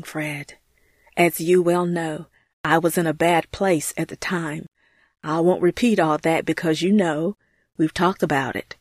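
A woman's voice: fairly low pitch, darkish tone, no echo, clean studio sound. A woman voicing an earnest, grateful churchgoing woman in an amateur audio drama, speaking heartfelt and sincere. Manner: heartfelt, earnest, often says his name.

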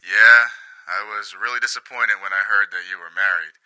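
A man's voice: on the low side, fairly even intonation, normal speed, pushed and bright, clean tone. A man playing an eager, emotional former sweetheart on a phone call in a radio-style drama. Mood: earnest longing. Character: lovestruck former sweetheart Fred.

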